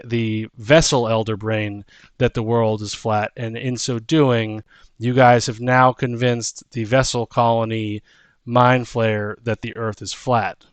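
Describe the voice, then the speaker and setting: Slow, smooth-voiced male game master. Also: medium pitch, dry recording. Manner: unhurried, with frequent ums and restarts. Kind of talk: narrating a tabletop game.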